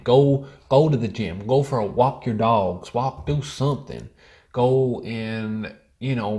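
A man's voice: mid-range voice, a little mellow, natural voice. A man putting on a wavering American accent to play a profane patriotic American man ranting about laziness. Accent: put-on American. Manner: preachy, scolding, profane.

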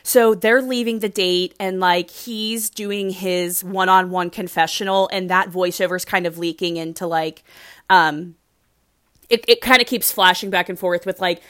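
A woman's voice: fairly low pitch, steady tone, moderate pace, fairly bright tone, no room sound, clean studio sound. A woman chatting casually as she recaps a reality show, rambling and gushing, with lots of "like" in her speech. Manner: gushing, rambling, heavy use of "like".

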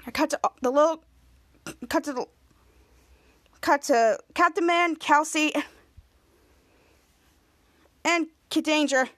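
A woman hosting a podcast, recapping a TV episode in an excitable, rambling way. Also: high voice, measured pace. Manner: excitable and rambling, with many restarts. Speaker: podcast host.

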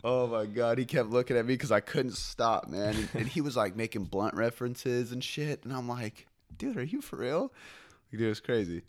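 A man's voice: medium pitch, brisk, few pauses, dry recording, clean studio sound. A young man co-hosting a podcast, telling a rambling story in casual chat, full of "like" and "dude". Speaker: podcast co-host.

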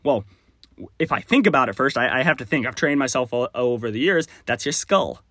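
A man's voice: medium pitch, expressive, brisk, fairly bright tone, no room sound, studio quality. A young man from Texas hosting a solo podcast, talking in a rambling, friendly, self-deprecating way. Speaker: podcast host. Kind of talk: casual solo podcast monologue.

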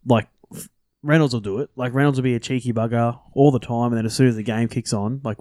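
A man's voice: mid-range voice, fairly even intonation, fast, warm tone, no echo, clean studio sound. Swearing, rambling male podcast co-host. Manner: rambling, swears often, lots of fillers. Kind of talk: casual sports banter.

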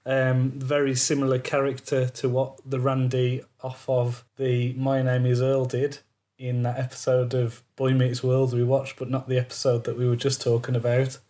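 A man's voice: medium pitch, completely flat delivery, moderate pace, dark tone. Man, podcast co-host, loose jokey delivery that wanders off topic. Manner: rambling, jokey, trails off on tangents. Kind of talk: casual chat.

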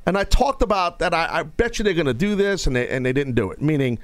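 A man's voice: a little high, expressive, quick pace, no room sound. A male radio show host in casual sports talk, rambling and stop-start as he takes calls.

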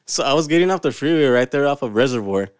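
A man's voice: mid-range voice, animated, fast talker, clean tone, no echo, studio quality. A man co-hosting a podcast, telling stories in a laid-back, slangy way and swearing often. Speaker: podcast co-host. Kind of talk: casual chat.

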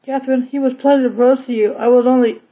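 A woman's voice: high-pitched, fairly even intonation, fast talker, natural voice. A woman reading aloud, voicing a frightened young woman held captive who pleads with her friend, on a dull lo-fi recording. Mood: pleading. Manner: pleading, bewildered.

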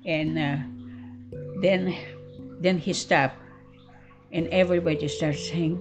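An older woman being interviewed about her childhood, telling it in halting, broken English full of fillers. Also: sits low, fairly even intonation, over music. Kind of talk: oral history interview.

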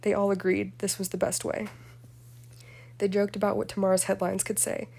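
Mellow woman reading a story. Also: mid-range voice, level tone, moderate pace, creaky, slightly rough. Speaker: audiobook reader. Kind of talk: fan fiction reading.

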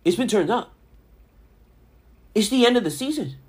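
Casual male sports podcaster, thirties, swears constantly, animated storyteller with a lively voice. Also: sits high, moderate pace, husky. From Miami area. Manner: profane, rambling, animated storyteller. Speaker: podcast host.

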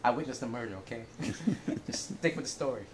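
A man's voice: medium pitch, a little fast, slight background noise, natural voice. A man putting on a brash New Jersey accent to voice a man pretending to be a Southern pig farmer, in a jokey, mocking impression. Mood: joking.

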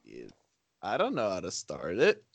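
A man's voice: sits low, wildly swooping pitch, moderate pace, slightly rough, dry recording. A man co-hosting a podcast, joking around and laughing with his friends. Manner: playful, laughing, bouncy. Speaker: podcast co-host. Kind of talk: casual chat.

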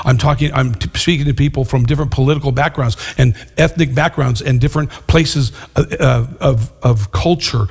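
An older man preaching a sermon as a pastor, earnest and deliberate, slowing down to stress key words. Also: fairly high pitch. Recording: long hall reverb.

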